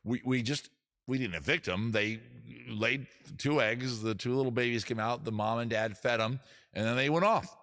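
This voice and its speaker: A man's voice: mid-range voice, normal speed, fairly bright tone. A man hosting a music livestream from home, chatting in a rambling, jokey, self-deprecating way. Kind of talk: casual livestream chat.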